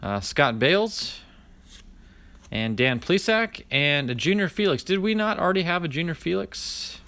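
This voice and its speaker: His voice is a little high, bright, and forceful, expressive at a moderate pace. Opening a pack of cards for his vlog, he gives casual commentary, naming each card aloud in a running list and addressing live viewers by name.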